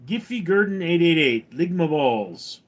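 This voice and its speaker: Brief: a slow, deadpan male streamer with a lively pitch, answering his chat from home. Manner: dry, deadpan, reading chat names aloud. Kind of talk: casual live-stream chat.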